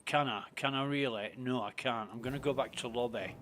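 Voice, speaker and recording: A man's voice: mid-range voice, brisk, fairly bright tone, slight background noise. A man ranting casually and with lots of profanity while he plays a game and talks to his stream. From Britain. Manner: profane, indignant, rambling.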